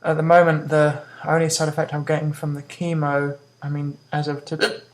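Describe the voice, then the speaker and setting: A woman's voice: sits low, flat delivery, a little mellow, rough recording. A woman hiccuping as she talks to camera in a hesitant vlog update, with many ums and restarts. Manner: talks fast. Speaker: vlogger giving a health update. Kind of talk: casual talk to camera.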